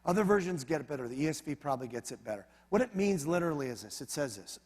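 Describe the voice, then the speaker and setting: A man preaching a sermon as pastor, in a conversational, animated manner with humorous asides. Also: mid-range voice, a little fast, in a large hall.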